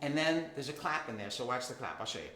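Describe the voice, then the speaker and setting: A man's voice: mid-range voice, sing-song, fast talker. A man hosting a live family concert from home, playfully coaxing children to repeat greetings after him. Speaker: children's singer and concert host. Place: at home in California. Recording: roomy sound with faint guitar.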